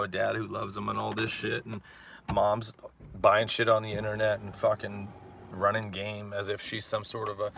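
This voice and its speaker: In a rambling personal rant, a man in his forties goes after his ex-wife with profane, mocking, heated remarks packed with filler words. His voice is lowish, gravelly, and a bit bright.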